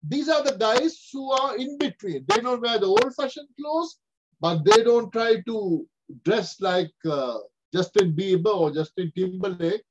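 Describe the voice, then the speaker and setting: A man's voice: high voice, a little slow, lo-fi sound. An older man from Sri Lanka giving a webinar lecture, acting out characters as he explains, over a video call. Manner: animated, acts out characters with quoted voices. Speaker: webinar speaker. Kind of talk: lively lecture.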